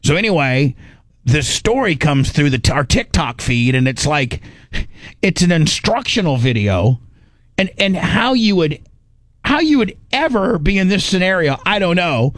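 A man's voice: fairly high pitch, very animated, a little slow, fairly bright tone, dry recording. Middle-aged man, radio host, rambling and self-mocking, dry close sound. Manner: rambling, self-mocking, acts out his own panic. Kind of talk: casual on-air storytelling.

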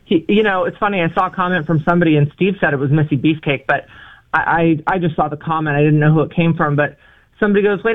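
A woman calling in to a radio talk show, speaking emotionally and haltingly, often restarting her sentences. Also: on the low side. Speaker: caller. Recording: tinny phone line.

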